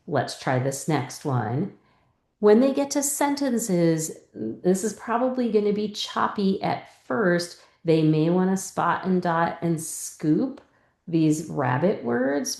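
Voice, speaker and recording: A woman teacher explaining a reading lesson, calmly modeling teacher and student turns step by step. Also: lowish voice, gravelly, echoey room. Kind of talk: instructional lesson.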